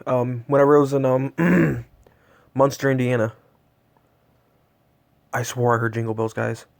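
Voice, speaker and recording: Tracking Santa on a casual, excited vlog, a man in his twenties rambles in awe with many fillers while cold and shivering. His mid-range voice has a gravelly quality.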